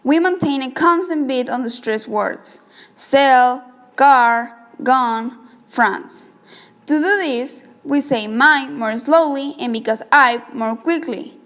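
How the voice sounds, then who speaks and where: A woman's voice: high voice, a little slow, hardly any pauses, a bit bright. A woman reading out example sentences in a class presentation on English stress and intonation. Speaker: student presenter.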